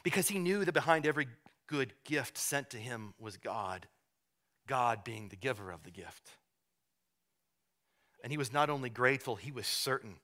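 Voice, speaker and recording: A male pastor preaching a sermon, moving from hushed, slow emphasis to loud, high-pitched fervor, often repeating words as he restarts. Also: lively intonation.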